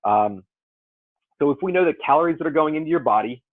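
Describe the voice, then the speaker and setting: A man's voice: on the high side, animated, fast. A male fitness coach talks through calorie math in a loose, rambling way, sounding things out as he goes. His voice comes over a thin, phone-like line. The sound is dry, with no room echo. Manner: rambling, conversational, works through numbers aloud. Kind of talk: casual coaching explanation. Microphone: call audio.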